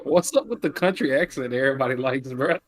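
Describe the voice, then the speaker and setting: An American man co-hosts a sports watch-along. He banters in loose, slangy talk. His voice sits at a middle pitch. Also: quick pace. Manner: slangy, laid-back banter. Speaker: co-host. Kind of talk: casual watch-along chat.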